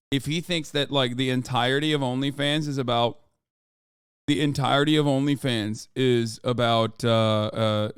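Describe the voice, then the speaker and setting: A man's voice: mid-range voice, a bit bright, clear, resonant tone, no echo, studio quality. A man streaming a casual reaction commentary, ranting in an exasperated, profane way.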